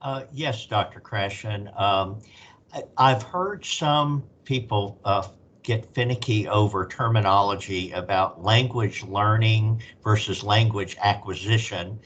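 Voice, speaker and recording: A man's voice: fairly low pitch, unhurried, fairly bright tone, dull audio. A man in the audience hesitantly asking a question over a video call.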